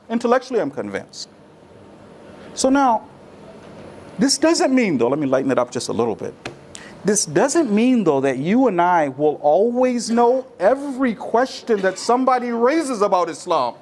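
A man preaching a sermon to a congregation, using rhetorical questions and repetition. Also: extremely high pitch. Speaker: religious speaker.

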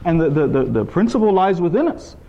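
Male preacher, emphatic sermon, fairly high voice, swings widely in pitch, dull lo-fi recording. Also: big pitch swings, brisk, mellow. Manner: emphatic, rising to high exclaiming peaks; recites scripture in Arabic. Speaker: speaker at a religious gathering.

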